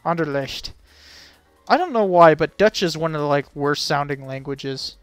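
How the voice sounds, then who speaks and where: A man's voice: a little high, lively intonation, moderate pace, clear, resonant tone, dry recording, faint music behind. A man casually reacting to a video on stream, rambling and joking with frequent laughs and fillers. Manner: rambling, jokey, laughs often, lots of fillers. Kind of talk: casual chat.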